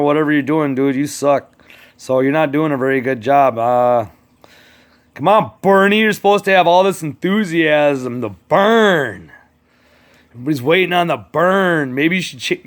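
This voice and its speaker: A man ranting casually to his channel's viewers, rambling and swearing as he talks straight to politicians who aren't there. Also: a little high. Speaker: vlogger. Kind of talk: casual rant to camera.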